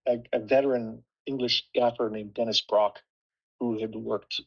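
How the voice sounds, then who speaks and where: A man's voice: mid-range voice, fairly even intonation, moderate pace, creaky, husky, muffled recording. A man speaking as a production designer in a casual panel talk, thoughtful and full of restarts.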